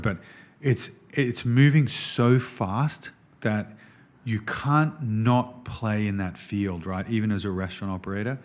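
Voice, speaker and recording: An Australian man guesting on a podcast, telling business stories in a casual, animated way and often saying "man". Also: lowish voice. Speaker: restaurant executive guest.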